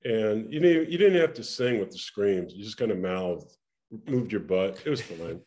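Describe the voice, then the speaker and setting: An older man, a guest in an interview, tells a lively story from his performing days, laughing often and restarting his sentences. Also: lowish voice, normal speed. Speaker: interview guest, former actor and singer. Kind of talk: casual anecdotal storytelling.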